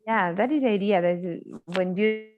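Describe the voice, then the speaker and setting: A woman's voice: medium pitch, moderate pace, narrow, tinny audio. Chatty woman teaching English on a call. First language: Spanish. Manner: chatty, opinionated, many fillers. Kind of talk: casual online tutoring chat.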